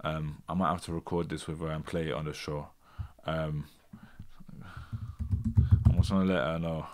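A man's voice: very deep voice, flat delivery, normal speed. A man hosting a live stream, chatting casually and getting frustrated with tech glitches. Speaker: host.

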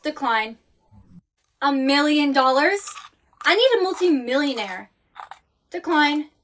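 A woman's voice: high-pitched, lively intonation, slow, a bit bright, a little hiss or hum. A young woman acting in a scripted comedy skit, with exaggerated, dramatic delivery. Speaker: skit creator playing the lead.

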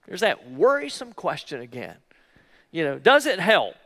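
A male pastor preaching a sermon in an emphatic way, repeating key phrases slowly for weight. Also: fairly high pitch, wildly swooping pitch, bright, forceful tone, long reverb tail. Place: church.

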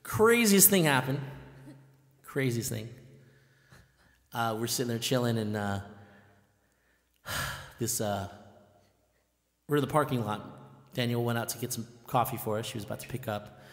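A man hosting a live music stream, chatting casually and telling stories in an animated, excitable way, full of "I'm like" and the odd curse. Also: mid-range voice, moderate pace, long pauses. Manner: animated, excitable storyteller who keeps saying "I'm like" and curses at times. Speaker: live music show host and band member. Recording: echoey room with long reverb.

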